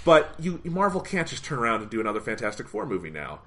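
A man's voice: mid-range voice, sing-song, quick pace, bright, forceful tone. A young man co-hosting a podcast, giving opinionated movie talk in casual chat. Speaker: podcast co-host.

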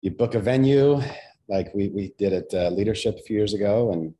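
A man co-hosting a motivational chat, speaking in a relaxed, thoughtful way. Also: lowish voice, a little fast. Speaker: co-host. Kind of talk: casual chat.

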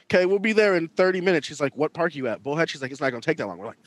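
An animated young man telling stories on a casual podcast, his voice sitting on the high side and swinging widely as he acts out what everyone said. He talks loosely and profanely among friends. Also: racing, no room sound. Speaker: podcast co-host. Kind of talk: casual storytelling chat.

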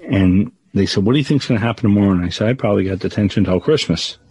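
A middle-aged man telling a personal story in a casual, animated way, his voice rising for the punchlines. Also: fairly low pitch, fast, husky, dry recording.

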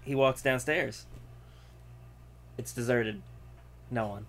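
A man's voice: medium pitch, slow, fairly bright tone, a little hiss or hum. A man narrating an improvised comedy scene, often breaking into laughter.

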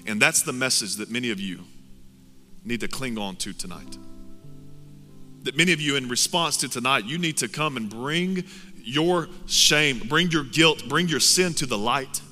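A man preaching a sermon as pastor, impassioned, moving between loud urging and hushed intensity. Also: medium pitch, moderate pace. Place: church hall. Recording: long reverb of a large hall with music behind.

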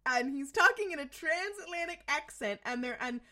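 A woman co-hosting a podcast, recapping an episode in casual chat, animated and sweary. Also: sits high, normal speed. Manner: animated retelling, swearing, many fillers. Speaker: podcast co-host.

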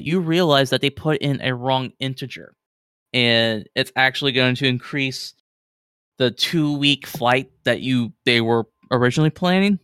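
A man's voice: medium pitch, fairly bright tone, clean tone, no room sound, studio quality. A man narrating as game master in a casual, filler-heavy way.

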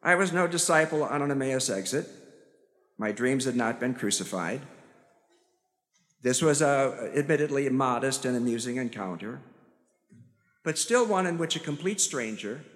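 A priest with a Chicago accent preaching a sermon, telling stories with self-deprecating humor. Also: male voice, medium pitch, lively intonation, moderate pace, long pauses, a bit bright. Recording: church hall reverb.

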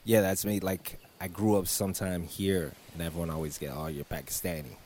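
A man with a very low voice, chatting casually as host of the show. He sounds relaxed and laughs easily, with a faint hiss of noise behind him. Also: fairly quick. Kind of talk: casual chat.

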